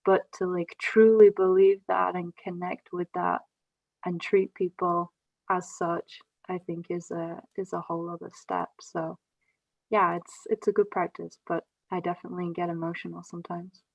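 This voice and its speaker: A woman's voice: fairly low pitch, flat delivery, normal speed, creaky, no echo. A woman in a group video call sharing a personal reflection, hesitant, often stopping and restarting. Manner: hesitant, with many fillers and restarts. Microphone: computer mic on a video call. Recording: slightly dull video-call audio.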